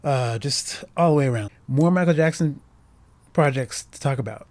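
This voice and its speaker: A man in the host's chair, talking through a film he loves in a loose, unscripted way. He stops and restarts his sentences often and leans on fillers, and he sounds sincerely moved by what he describes. His pitch sits in an ordinary middle range. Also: darkish tone, dry recording. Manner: rambling, halting, many restarts and fillers; earnest, emotionally moved. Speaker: film discussion host. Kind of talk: casual film commentary.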